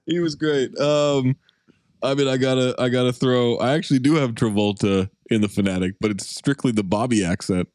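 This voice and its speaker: A man co-hosting a comedy podcast, laid-back and chatty, tossing in chuckling asides. His pitch sits in the middle range. The sound is close and dry. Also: steady tone, normal speed, darkish tone, no room sound. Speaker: podcast co-host. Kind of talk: casual comedic chat.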